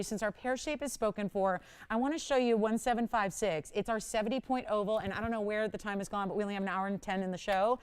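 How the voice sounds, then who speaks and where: A woman's voice: medium pitch, clear, resonant tone. A middle-aged woman hosting a live jewelry shopping show, chatty and self-mocking, laughing often as she talks up each piece. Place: TV shopping studio.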